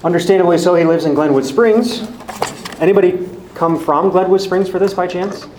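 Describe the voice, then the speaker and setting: His voice sits high and is a little mellow, moving at normal speed over slight background noise. As the Bible study teacher, he offers friendly, organized announcements to a live audience in a church hall that's echoey, with faint ambience.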